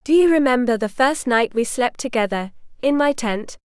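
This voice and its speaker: A woman reading the lines of a proud, teasing medieval warrior husband in an audiobook, calm and frank. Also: fairly high pitch, normal speed, smooth, no echo, studio quality, natural voice.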